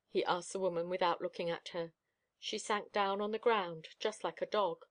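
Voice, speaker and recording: Woman, audiobook narration, first-person storybook, expressive, measured. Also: fairly low pitch. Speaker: audiobook reader.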